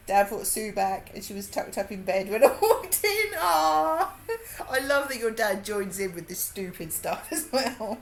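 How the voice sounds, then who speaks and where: A woman's voice: medium pitch, very animated, slow pace, pauses often. A woman with a Birmingham accent, chatting casually and laughing while she works on a craft during a livestream. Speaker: livestream host.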